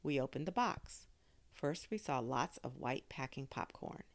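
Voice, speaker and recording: A woman narrating a children's story in an expressive storytelling manner. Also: very deep voice, a little slow. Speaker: audiobook narrator.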